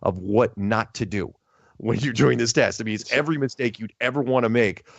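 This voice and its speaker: A man's voice: medium pitch, fairly quick, vocal fry, dry recording. Man telling a story, many restarts. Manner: animated storytelling, quoting others, many restarts. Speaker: podcast host. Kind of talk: casual chat. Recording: dull lo-fi audio.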